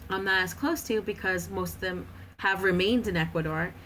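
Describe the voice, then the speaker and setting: A woman's voice: mid-range voice, moderate pace, pushed and bright, a little hiss or hum, poor audio. A woman in her thirties, a podcast guest chatting casually with lots of fillers and frequent laughter.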